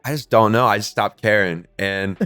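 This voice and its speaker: A man's voice: lowish voice, normal speed, clear, resonant tone, no room sound, faint music behind. A young man co-hosting a podcast, telling school stories with lots of swearing and acted-out quotes. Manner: profane, animated storytelling, acting out quotes. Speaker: podcast co-host. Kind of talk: casual chat.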